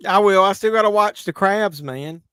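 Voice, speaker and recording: A man's voice: high-pitched, moderate pace, pushed and bright, clean tone, dry recording. A man hosting a live movie watch-along, making casual commentary full of crude jokes. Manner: crude joking banter. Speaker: live-stream host.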